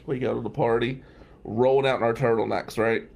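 A man's voice: medium pitch, steady tone, brisk, gravelly, a little mellow. Wry man telling a rambling story. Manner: digressive, profane, wry asides. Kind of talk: casual storytelling monologue.

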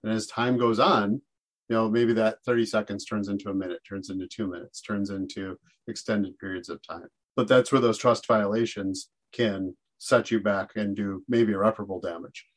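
Earnest low-voiced male teacher. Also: fairly even intonation, moderate pace. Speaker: teacher podcast co-host. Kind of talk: casual educational discussion.

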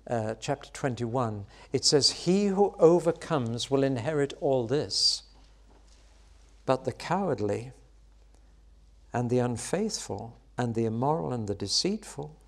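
In this sermon, a man preaches with expression, rising to loud, high outbursts and then easing down into soft, quiet lines.

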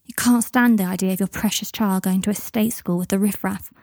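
A woman voicing a blunt, angry adult woman with a sharp, sweary manner, in a storybook reading. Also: mid-range voice, steady tone, fairly quick, no echo, studio quality, lightly acted. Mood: furious.

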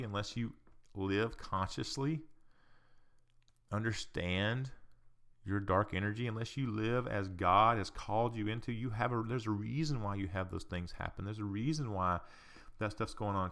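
A man's voice: on the low side, moderate pace, fairly bright tone. A man who is a counselor and podcast host, speaking in a casual, earnest, reflective monologue that mixes psychology and faith.

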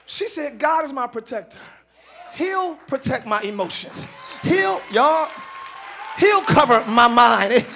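A man in the pulpit delivers a live sermon. His voice sits unusually high and rings bright and piercing. He builds his points into shouted peaks and breaks off to tease the congregation. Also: very animated, takes it slowly, vocal fry, some chatter behind, slight background noise. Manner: preaching with rising shouts and asides to the congregation. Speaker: pastor. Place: church.

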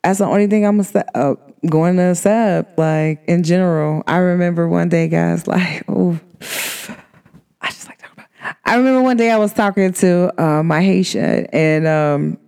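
A woman hosting a podcast, talking casually and emphatically to her listeners, full of "like" fillers, her voice swinging up high when excited. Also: normal speed, gravelly, few pauses, smooth. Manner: chatty and emphatic, many "like" fillers. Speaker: podcast host.

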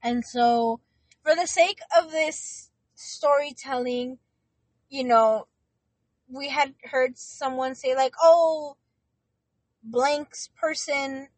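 A woman's voice: sits high, slow, no room sound. A young woman co-hosting a podcast, telling a story in rambling casual chat with lots of fillers. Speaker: podcast co-host.

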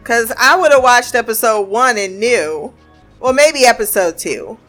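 A woman's voice: on the high side, animated, measured pace, fairly bright tone, faint music behind. Sarcastic woman reviewing a TV show. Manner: sarcastic, blunt, swears freely. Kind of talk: casual review commentary.

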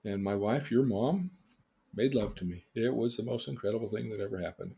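Speaking a little fast, this man has a fairly low, mellow voice with vocal fry and a breathy edge. He is a therapist and teacher giving an animated storytelling lesson, using theatrical tales about emotional independence where he exclaims, then questions the listener.

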